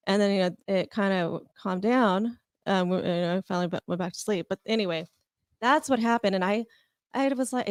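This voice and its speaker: A podcast co-host with a mid-range voice, recorded with no echo, tells a personal story casually. She rambles, leans heavily on fillers, and laughs as she goes.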